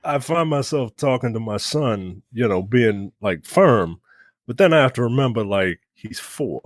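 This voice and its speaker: A man in his thirties co-hosting a casual podcast chat, telling long animated stories with lots of restarts. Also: mid-range voice, measured pace, no echo, studio quality. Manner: rambling, animated storytelling with restarts. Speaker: podcast co-host.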